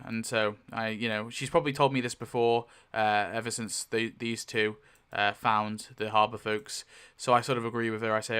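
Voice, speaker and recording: Man, casual solo tabletop game narrator, thinks aloud, lots of ums and restarts, bright crisp voice. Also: on the low side, flat delivery, normal speed, few pauses. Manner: thinking aloud, frequent fillers and self-corrections.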